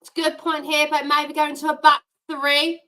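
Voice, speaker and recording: A woman hosting a live football watchalong, reacting loudly and getting exasperated with the players. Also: sits high, normal speed, poor audio. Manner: animated, exasperated, shouts at players. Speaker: watchalong host.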